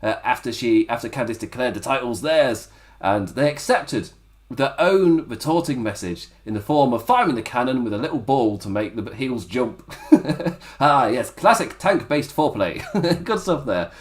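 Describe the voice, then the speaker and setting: A man talks through a wrestling episode in a loose, rambling solo review. His pitch swings widely as he chuckles at his own asides and slips into quick mock voices. It sounds like an offhand chat rather than a script. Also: lively intonation. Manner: rambling, laughs often, does mock voices. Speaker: wrestling review podcast host. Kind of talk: casual solo review commentary.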